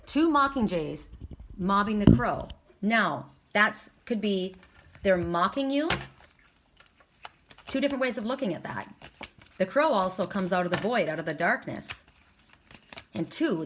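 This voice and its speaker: A middle-aged woman talks through a spiritual reading in an earnest, heartfelt way. She rambles, restarts her sentences and circles back to her points. Her voice sits at an ordinary middle pitch for a woman. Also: background noise. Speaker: oracle card reader. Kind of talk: spiritual reading, casual monologue.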